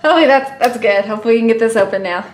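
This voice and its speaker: A woman's voice: a little high, rapid-fire, echoey room. A woman unboxing toys on her own channel, gushing and playful, squealing with delight at each surprise. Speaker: toy unboxing vlogger. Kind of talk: excited toy unboxing chatter.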